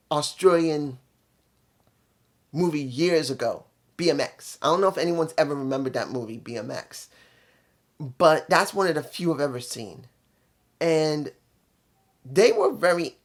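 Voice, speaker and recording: A man giving a casual spoken review, blunt and opinionated, rambling from point to point. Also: on the high side. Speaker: wrestling show reviewer.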